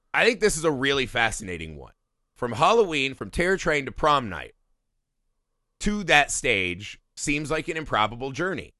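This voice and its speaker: Podcast guy, super bright voice, bouncy pitch, jokey and sweary. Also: no room sound, clean studio sound. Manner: animated, swears freely, joking. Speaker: podcast co-host. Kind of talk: casual film podcast chat.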